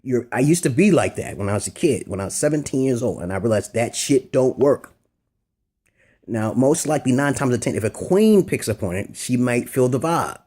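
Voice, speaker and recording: Male vlogger, husky, blunt and crude, loose off-the-cuff advice monologue. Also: medium pitch, expressive, brisk, dark tone. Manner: blunt, rambling and crude, with frequent "okay?" check-ins.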